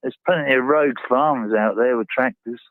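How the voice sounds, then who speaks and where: Male caller, mid-pitched, hesitant and sweary, phone-line sound. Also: a little fast, no echo. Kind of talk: casual phone-in chat. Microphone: phone call.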